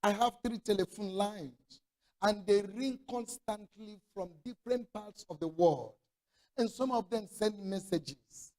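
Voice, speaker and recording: High-voiced male preacher. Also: unhurried, darkish tone. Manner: storytelling preacher who acts out quoted dialogue; rhetorical questions to the congregation. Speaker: pastor. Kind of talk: sermon.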